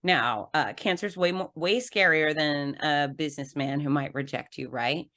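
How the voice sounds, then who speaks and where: A woman guest on a podcast telling a personal story with animated, laughing delivery that acts out the scenes. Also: sits low, moderate pace. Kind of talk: conversational storytelling.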